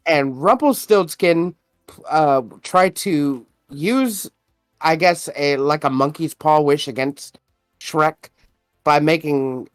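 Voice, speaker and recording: A man's voice: fairly high pitch, slow, smooth, faint music behind. A man co-hosting a podcast in casual chat, telling long rambling stories with lots of swearing and fillers. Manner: rambling, profane storytelling full of fillers. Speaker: podcast co-host.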